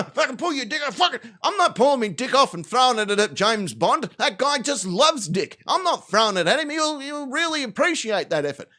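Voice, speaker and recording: An Australian man playing a fed-up Australian villain boss who rants at his crew in a shouty, sweary way. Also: very high voice, full character voice. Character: exasperated Australian male villain boss, ranting.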